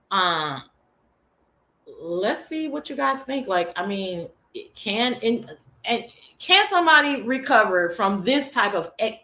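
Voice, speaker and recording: A woman's voice: mid-range voice, reverberant. A woman hosting a casual livestream chat show, sassy and profane, talking straight to her viewers. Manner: sassy, profane, animated, chatty. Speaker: talk show host.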